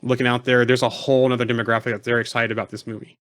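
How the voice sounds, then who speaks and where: A man's voice: mid-range voice, little pitch movement, very fast, a bit bright, dry recording, clean studio sound. A man co-hosting a casual podcast chat, rambling with lots of fillers and restarts. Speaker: podcast co-host.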